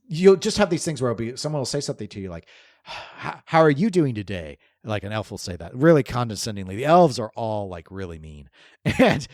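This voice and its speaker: A man's voice: mid-range voice, no room sound, clean studio sound. A man co-hosting a gaming podcast, rambling in casual chat and chuckling as he talks. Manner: animated, rambling, chuckles while talking. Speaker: podcast co-host. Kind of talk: casual chat about video games.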